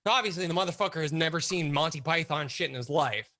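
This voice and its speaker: Bright-voiced man telling a profane story. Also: on the high side, quick pace. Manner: animated, profane, lots of fillers. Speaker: guest. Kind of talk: casual storytelling.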